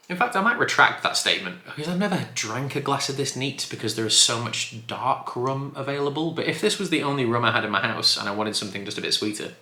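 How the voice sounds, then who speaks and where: A man's voice: mid-range voice, bright, forceful tone. A man chatting enthusiastically as he reviews a spirit, often correcting himself. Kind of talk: casual review vlog. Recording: echoey room.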